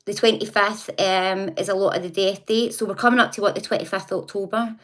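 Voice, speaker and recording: A woman's voice: medium pitch, fairly even intonation, quick pace. A woman hosting a casual livestream, chatting, laughing often and talking back to her viewers. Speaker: livestream host.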